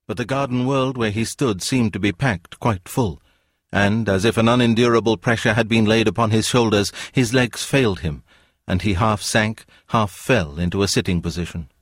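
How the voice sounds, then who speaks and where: A man narrating an audiobook in a measured, even storytelling voice. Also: on the low side, dry recording, clean studio sound. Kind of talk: scripted narration.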